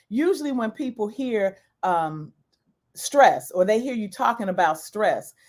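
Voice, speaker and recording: A woman's voice: mid-range voice, a little mellow. A woman giving a lecture-style talk on self-care as an educator, repeating key points for emphasis.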